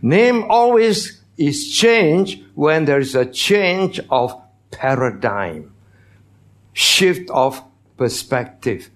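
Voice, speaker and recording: A man's voice: fairly high pitch, big pitch swings, drawn-out words. A man preaching a sermon as pastor, teaching, asking the congregation questions, with non-native phrasing.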